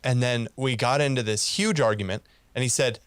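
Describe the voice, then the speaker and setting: A man's voice: mid-range voice, normal speed, clear, resonant tone, no echo. A man co-hosting a podcast, casually telling a rambling story and acting out both sides of an argument. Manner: rambling, animated retelling with laughs. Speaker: podcast co-host.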